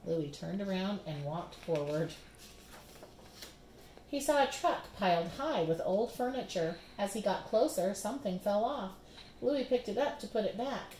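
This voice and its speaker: A woman reading a children's picture book aloud with expressive storybook narration, recorded in a roomy space. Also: medium pitch, measured pace, a little hiss or hum.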